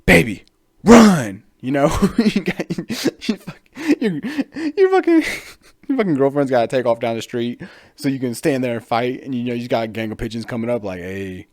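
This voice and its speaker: A man's voice: mid-range voice, sing-song, normal speed, a little mellow, dry recording, studio quality. A man hosting a casual solo podcast, rambling, swearing freely and laughing often. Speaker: podcast host.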